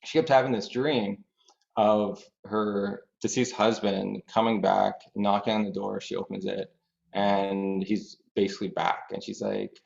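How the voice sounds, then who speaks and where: Male expert guest, thoughtful explainer, low gravelly voice on muffled audio. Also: level tone, measured pace, a little mellow. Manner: thoughtful, explains through examples. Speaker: grief dream researcher, guest. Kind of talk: podcast interview, explaining. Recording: dull lo-fi audio.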